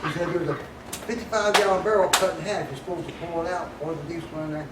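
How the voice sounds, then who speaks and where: A man's voice: on the high side, quick pace, very noisy. Older male speaker, folksy yarn-teller, echoey distant hall recording. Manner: folksy, laughing as he tells it. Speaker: guest speaker. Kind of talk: storytelling talk to an audience.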